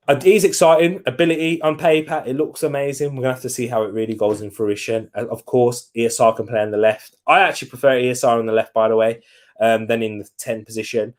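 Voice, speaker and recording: A man's voice: mid-range voice, darkish tone. Young guy doing a football watch-along, chatty, reading out chat and reacting to the game, normal mid voice. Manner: chatty, reads out viewer comments, reacts to play. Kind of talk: casual live football chat.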